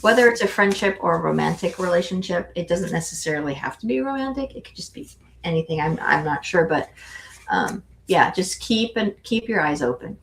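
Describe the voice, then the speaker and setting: A woman's voice: lowish voice, expressive, a little fast, creaky, slight background noise. A woman giving a casual tarot reading on a live stream, hesitant and searching for words, with ums and restarts. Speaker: tarot reader, guest co-host.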